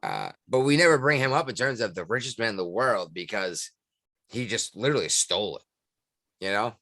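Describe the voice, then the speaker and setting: A man co-hosting a casual podcast chat, blunt and quick to swear, hiccuping. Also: lowish voice, big pitch swings, fairly bright tone, dry recording. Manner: blunt, swears freely, laughs while talking. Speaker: podcast co-host.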